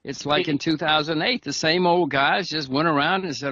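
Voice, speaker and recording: A fairly high-voiced man talks as an interview guest, emphatic and given to restarting his phrases with a wry laugh. The sound is dull and lo-fi, and the room adds no echo. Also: normal speed, hardly any pauses, pushed and bright. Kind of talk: interview conversation.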